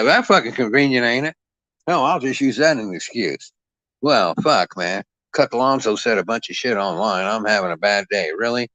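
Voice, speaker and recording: A man's voice: lowish voice, sharp tone, dry recording. Cantankerous foul-mouthed man ranting, dry close mic. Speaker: boxing commentator. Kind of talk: profane ranting commentary.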